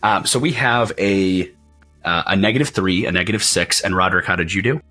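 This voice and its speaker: A man with a low voice narrates as game master for a tabletop game, painting eerie scenes and restarting his sentences as he goes. His tone is bright and forceful, with a husky edge. Faint music plays behind him. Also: a little fast. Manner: animated descriptive narration with frequent restarts.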